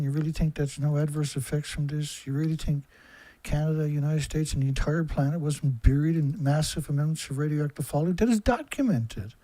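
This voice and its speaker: A man delivering an angry, profane monologue to camera, firing rhetorical questions that build from low and subdued to loud shouting. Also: dry recording, low-quality recording. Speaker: environmentalist video commentator.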